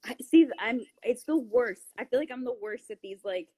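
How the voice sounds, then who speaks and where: A woman's voice: on the high side, expressive, moderate pace, warm tone, slightly rough. An American woman chatting and teasing with lots of laughter on a phone live stream. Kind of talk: casual chat.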